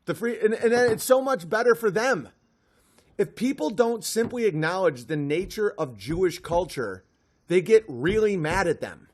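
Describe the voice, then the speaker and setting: A man delivering a comedy monologue in an animated way, often dropping into character voices. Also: high voice.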